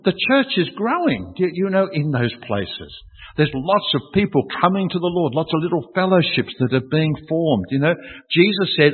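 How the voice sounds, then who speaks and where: A husky-voiced man delivers a sermon, pressing his points with repetition and rhetorical questions. His voice rings through a large hall with a long, trailing reverb. The sound is thin and tinny, like a phone line. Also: medium pitch. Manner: emphatic, repeats key phrases and asks rhetorical questions. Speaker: preacher.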